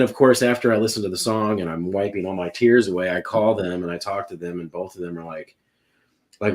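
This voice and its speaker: A man talking casually about music on a podcast, earnest and emotional, rambling with many restarts. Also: sits low. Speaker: podcast panelist ranking songs.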